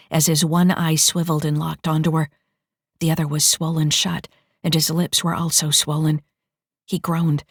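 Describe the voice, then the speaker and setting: A woman narrating an audiobook in a steady, measured reading. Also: low voice, dry recording, studio quality.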